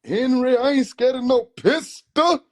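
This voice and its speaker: A man voicing a furious middle-aged uncle who makes slow, drawn-out, menacing threats while waving a gun. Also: extremely high pitch, voice pushed up. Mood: defiant.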